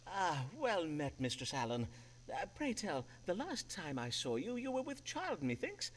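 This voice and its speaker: An actor playing a pompous Elizabethan doctor and astrologer who speaks in archaic, courtly English. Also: male voice, sits high, huge pitch swings, unhurried, slight background noise, full character voice. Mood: courteous.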